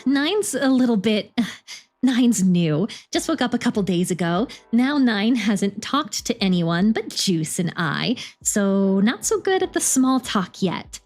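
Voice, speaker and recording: Woman voicing a space probe, big-sister type, upbeat, coaxing, bright raised voice. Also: fairly high pitch, big pitch swings, unhurried, faint music behind.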